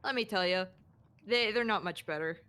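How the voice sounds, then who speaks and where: Chatting about her own game's design, a young woman developer starts and restarts her sentences hesitantly, laughing between thoughts. She's a young adult with a medium-pitched voice that sounds pushed and bright, at a moderate pace. The tone comes through clean.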